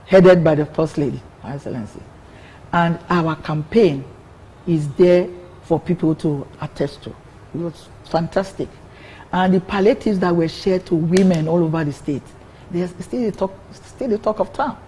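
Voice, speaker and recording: A woman's voice: on the low side, moderate pace, mellow, a little hiss or hum, low-quality recording. An older woman, a politician answering interview questions in an earnest way, often repeating words as she builds her point. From Nigeria.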